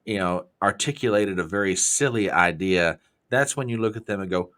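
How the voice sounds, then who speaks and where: A man from the American South with a Southern accent, hosting a casual chat and telling folksy sayings in an animated way. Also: deep voice, normal speed. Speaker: podcast host.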